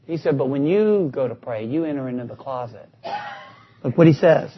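A man's voice: mid-range voice, expressive, normal speed, highs cut off, a little hiss or hum. A man preaching a sermon, talking to the congregation in a conversational way and reading out scripture.

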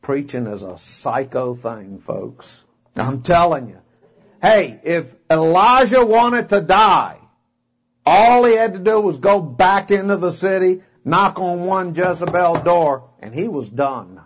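A man's voice: high-pitched, animated, takes it slowly, breathy edge. A man preaching a sermon in a folksy, emphatic way, reading scripture and acting out voices. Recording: dull lo-fi recording.

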